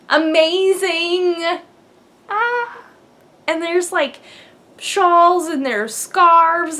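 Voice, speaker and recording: Young female podcast host, slightly high voice, chatty, rambling, gushy. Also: a bit bright. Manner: bubbly, rambling, gushing, laughs often. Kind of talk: casual chat.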